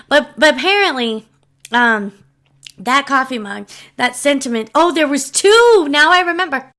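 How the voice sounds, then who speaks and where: In an unhurried but animated way, a woman vlogger recounts a personal story to camera, her voice sitting high, pushed and bright. The telling is rambling and sincere, full of restarts and side comments to her viewers.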